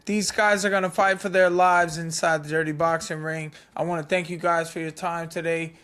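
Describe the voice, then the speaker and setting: A man hosting a podcast interview, wrapping up with halting, flustered remarks. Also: on the high side, level tone, a bit bright, clean tone. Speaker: host.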